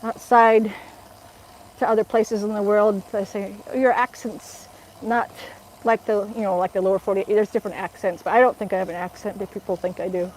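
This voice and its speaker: A woman's voice: medium pitch, flat delivery, brisk, a little mellow, slight background noise, low-quality recording. A middle-aged woman from Alaska with an Alaskan accent, chatting casually with viewers while she exercises outdoors and laughing often. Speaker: fitness vlogger. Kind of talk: casual live-stream chat while exercising.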